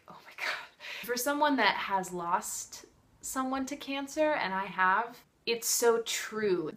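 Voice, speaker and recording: A woman chatting in a casual video review, her voice at an ordinary middle pitch. She gushes about her favorite book and talks with open emotion. Her delivery is loose and chatty. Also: a bit bright.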